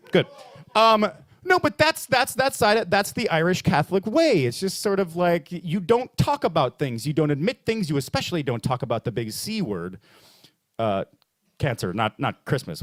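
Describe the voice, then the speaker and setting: Animated man doing stand-up comedy. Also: a little high, no echo. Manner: animated, self-mocking, acts out inner dialogues. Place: small bar stage at an open mic.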